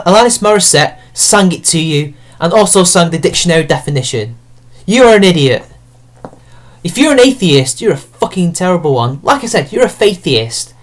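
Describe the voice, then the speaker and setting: A man giving a sarcastic, profane rant as an online commentator picking apart an article. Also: high voice.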